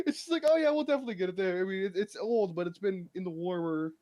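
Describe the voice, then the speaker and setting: A man's voice: sits high, fairly quick, a little mellow. A young man ranting in casual chat as a streamer, exasperated and laughing as he tells his story.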